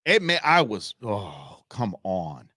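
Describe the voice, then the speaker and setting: A male political talk host, combative and sarcastic as he picks apart campaign clips. His delivery swoops up and down with lively, animated pitch, and the sound is dry and close with no room around it. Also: slow pace, no room sound. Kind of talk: live political commentary.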